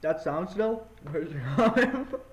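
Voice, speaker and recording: Commentating a game casually at home, a gaming channel host chats while eating, mouth pressed to the microphone. His voice is high-pitched, animated and unhurried. The sound is lo-fi, with a little hiss or hum.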